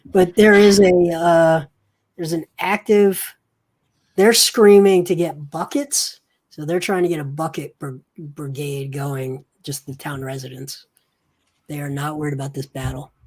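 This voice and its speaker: A woman running a tabletop game as game master, calling for rolls and describing scenes in an unhurried manner. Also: sits low, fairly even intonation, darkish tone.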